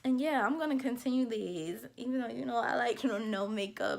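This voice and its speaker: A woman's voice: a little high, a little fast, gravelly, a little hiss or hum. A young adult woman talking to camera in a candid personal vlog, earnest and heartfelt, rambling with lots of fillers. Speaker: vlogger.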